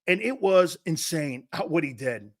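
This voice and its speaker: A man hosting a football talk show in a brash, loud, profane and mocking monologue. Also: on the high side, sing-song, normal speed, no echo, clean studio sound. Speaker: sports talk show host.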